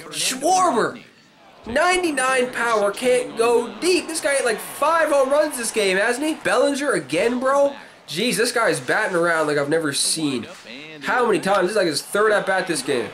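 High-voiced excitable man yelling at a game. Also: moderate pace, low-quality recording. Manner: excitable, swears and shouts at the game. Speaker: gaming commentator. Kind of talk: live gameplay commentary. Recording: game crowd noise behind. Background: stadium crowd from the game.

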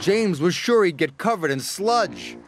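A man reading a children's storybook in an expressive, gently dramatic way. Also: sits high, unhurried, background noise.

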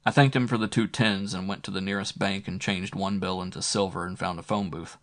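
A man's voice: deep voice, fairly even intonation, brisk. A man narrating a first-person hardboiled crime novel in a terse, clipped way. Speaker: audiobook narrator.

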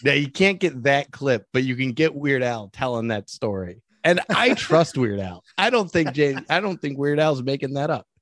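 A man's voice: mid-range voice, moderate pace, hardly any pauses, no room sound, studio quality. A man co-hosting a podcast in casual chat, telling stories with lots of laughter. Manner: animated storytelling, frequent laughs. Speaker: podcast co-host.

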